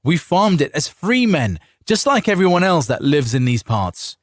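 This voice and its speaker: A man reading an audiobook, playing a hot-tempered farmer who shouts back in a strained, stubborn voice. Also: mid-range voice, very animated, takes it slowly, no echo, studio quality, voice pushed up. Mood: defiant. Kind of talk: audiobook character voice.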